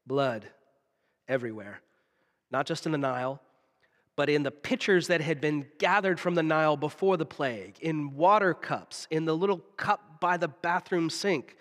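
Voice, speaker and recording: A man from the preaching a sermon, telling stories with dramatic pauses and drops to a hush. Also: a little high. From Southern United States. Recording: long reverb of a large hall.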